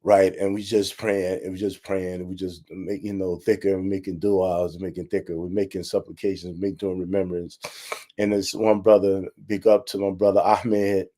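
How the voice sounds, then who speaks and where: Heartfelt, low-voiced man telling a story. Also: level tone, normal speed, dark tone. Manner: heartfelt, repetitive, addresses listeners directly. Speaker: podcast host. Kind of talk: emotional personal storytelling.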